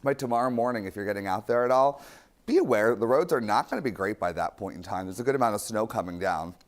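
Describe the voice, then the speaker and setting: A man's voice: on the low side, lively intonation, fast talker. Casual young man giving weather forecast. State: losing his voice. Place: TV studio.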